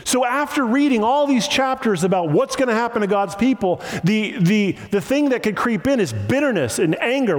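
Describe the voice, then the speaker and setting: A man's voice: sits high, big pitch swings, moderate pace. A man preaching an impassioned sermon with emphatic repetition, recorded in a church sanctuary. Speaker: pastor. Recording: long hall reverb.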